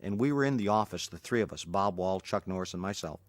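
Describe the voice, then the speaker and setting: A man's voice: sits low, fast talker, no echo. An older man, a martial arts instructor, telling an anecdote in an interview and acting out the people in it. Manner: animated, acts out voices of people in the story.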